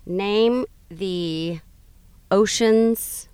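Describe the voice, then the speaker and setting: A woman's voice: mid-range voice, clean tone, no room sound. A middle-aged woman co-hosting a radio show, bantering playfully and laughing often, recorded in a mobile studio. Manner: playful, quick to laugh, animated. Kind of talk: casual banter.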